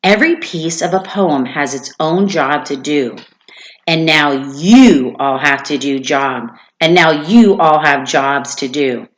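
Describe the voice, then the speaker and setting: A woman reading aloud as a kind, gentle schoolteacher from a storybook, in a calm and encouraging way. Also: low voice, slow pace.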